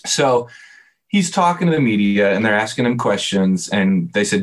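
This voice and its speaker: A man's voice: lowish voice, normal speed. A man in casual sports chat, animatedly retelling a game play by play. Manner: animated storyteller, replays moments play by play.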